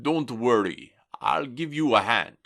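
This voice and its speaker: A man's voice: medium pitch, animated, measured pace, a bit bright, voice pushed up. Narrator voicing an easygoing, helpful man. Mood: reassuring. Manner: reassuring, practical. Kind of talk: audiobook reading.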